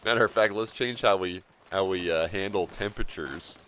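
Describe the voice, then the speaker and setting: A man casually commentating his game stream, relaxed and rambling, often chuckling as he talks. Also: low voice, moderate pace, a little hiss or hum.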